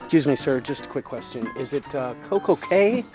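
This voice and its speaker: A man playing a goofy male roving reporter who questions farm animals in a mock-serious, deadpan way. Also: mid-range voice, a little fast, over music, voice pushed down, natural voice. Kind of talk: comedic sketch narration.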